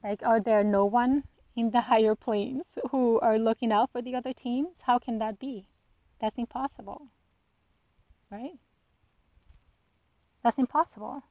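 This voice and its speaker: A woman's voice: a little high, fairly even intonation, unhurried, long pauses, no echo, dull audio. A woman hosting a solo podcast, talking bluntly and with exasperation, swearing freely and firing off rhetorical questions. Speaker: podcast host. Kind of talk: casual solo monologue.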